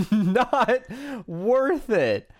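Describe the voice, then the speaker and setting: A man chatting casually as a podcast co-host, rambling and animated, laughing often and swearing. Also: high voice, extremely slow. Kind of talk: casual chat.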